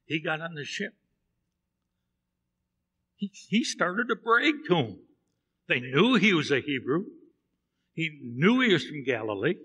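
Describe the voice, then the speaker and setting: Preaching in a church sanctuary, a man with a fairly high, bright, forceful and slightly rough voice tells a story with feeling, voicing each character in turn. His pitch swings widely, his pace is measured, and he pauses often as his words ring out with a long, lingering reverb.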